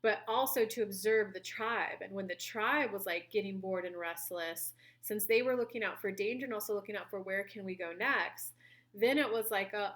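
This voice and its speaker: A woman's voice: medium pitch, brisk, a bit bright. A woman giving a chatty monthly tarot reading, telling personal stories and acting out what other people said. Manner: chatty, storytelling, acts out quoted voices. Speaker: tarot reader and spiritual coach.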